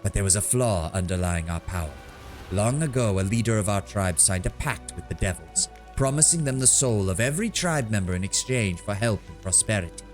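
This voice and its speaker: A man voicing a shrewd, worldly male kobold bard in a video game, speaking in a measured storytelling way. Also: on the low side, lively intonation, soft background music, close to an everyday voice. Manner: measured storytelling, grows sonorous and dramatic. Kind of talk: reading game dialogue aloud.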